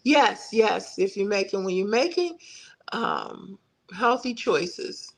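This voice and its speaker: A woman's voice: mid-range voice, lively intonation, takes it slowly, poor audio. A middle-aged woman hosting a casual livestream, chatting in a folksy way and answering viewer comments. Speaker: livestream host. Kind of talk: casual live-stream chat.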